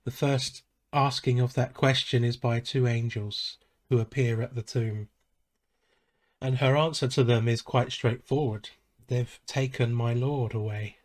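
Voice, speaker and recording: A man preaching a sermon as a pastor, measured and solemn, pausing softly between phrases. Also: mid-range voice. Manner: slow, measured and solemn, with soft pauses.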